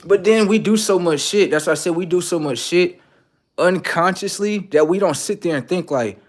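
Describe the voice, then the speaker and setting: Blunt, profane man ranting on stream. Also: normal speed. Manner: blunt, profane, lecturing viewers as "sir"; animated, swings between loud outbursts and low mutters. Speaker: livestreamer giving relationship advice. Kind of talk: casual livestream monologue.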